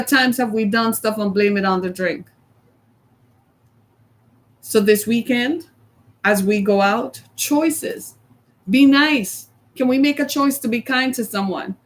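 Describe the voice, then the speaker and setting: A middle-aged woman with a high-pitched voice delivers a motivational talk. She is emphatic, returns again and again to one key word, and acts out quotes for the audience.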